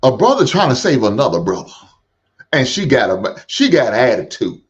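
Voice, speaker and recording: A man's voice: mid-range voice, sing-song, brisk. A middle-aged man hosting a reaction show, riffing in casual slangy banter and laughing along.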